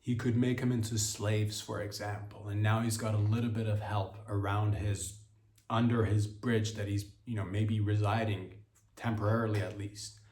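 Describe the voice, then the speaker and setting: Deadpan man in a roomy echo. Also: fairly low pitch, moderate pace. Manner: mock-earnest, sarcastic, addresses the audience. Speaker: podcast host. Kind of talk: deadpan satirical comedy monologue.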